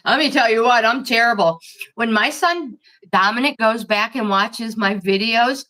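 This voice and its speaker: A woman's voice: on the high side, normal speed, pushed and bright. An older woman and grandmother hosting a casual live-stream chat, telling stories and laughing often. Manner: chatty storyteller, laughs often. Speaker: host.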